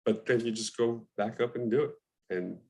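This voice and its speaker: Man, actor guest, casual interview, animated storyteller, middle pitch. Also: normal speed, creaky. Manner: animated anecdotes, acting out other people's lines.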